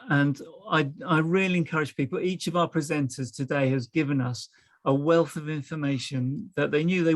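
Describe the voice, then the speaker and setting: A man chairing an online webinar, thanking speakers and wrapping up in a friendly, hurried way over a video call microphone. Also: on the high side, dry recording. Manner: friendly, hurried wrap-up with fillers. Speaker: session chair.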